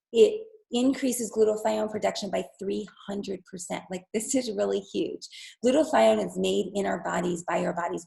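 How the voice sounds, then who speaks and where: A woman's voice: medium pitch, vocal fry, darkish tone, poor audio. A woman giving an enthusiastic, persuasive product presentation over a video call, talking straight to her viewers while losing her voice. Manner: enthusiastic, persuasive, addresses viewers as "you guys". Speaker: wellness presenter.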